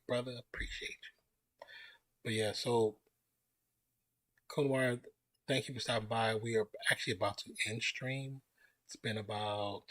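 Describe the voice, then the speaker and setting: This live stream host has a medium-pitched voice, recorded without echo. Relaxed and rambling, he keeps the chat casual and calls out viewers by name as they arrive.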